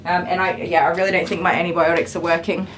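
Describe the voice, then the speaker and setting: A woman's voice: fairly low pitch, level tone, fast talker, reverberant, recorded from a distance, slight background noise, rough recording. Chatty woman groomer with a cold. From Australia. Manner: chatty, explains as she works, coos to the dog. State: has a cold, short of breath. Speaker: dog groomer. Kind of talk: live-stream grooming commentary. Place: grooming salon.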